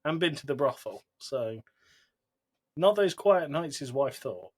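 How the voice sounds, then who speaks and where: Husky, joking English man. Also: a little high, sing-song, unhurried, a little mellow. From England. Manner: joking, reacts with wisecracks. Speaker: podcast co-host. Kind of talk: casual banter.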